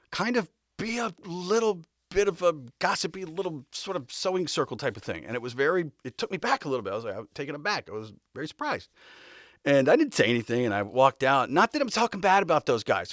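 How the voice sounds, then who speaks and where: A middle-aged podcast host tells rambling backstage anecdotes in casual storytelling, laughing often and acting out quotes. His voice is mid-range and fairly bright, with clean studio sound and no echo.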